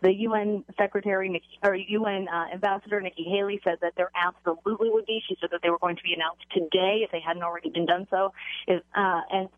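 A woman news correspondent reporting by phone in a measured, explanatory way. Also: mid-range voice, steady tone, dry recording. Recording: tinny phone line.

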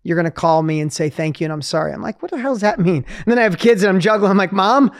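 A man's voice: sits high, expressive, fast talker. A man in his fifties, a podcast host speaking in a reflective, emphatic, coaching way. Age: 50s. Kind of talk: podcast interview.

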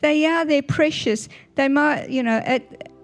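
A high-pitched older woman speaks at a measured pace as a guest at church, faint music in the background. Her Mother's Day talk is warm family storytelling with little laughs and frequent questions for the congregation.

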